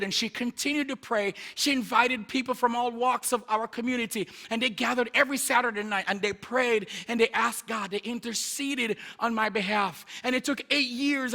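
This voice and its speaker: A man from Jamaica preaches a testimony sermon, telling his story in a chatty way with asides to the listeners. His voice sits high and sounds bright. A long reverb from the church sanctuary follows every phrase. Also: vocal fry. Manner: conversational storytelling with asides to the audience.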